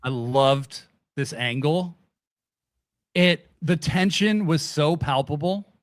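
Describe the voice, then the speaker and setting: Male podcast host, casual and animated, slightly raised pitch, dry recording. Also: takes it slowly, no echo. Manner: animated, swears casually, acts out quotes. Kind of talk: casual wrestling review chat.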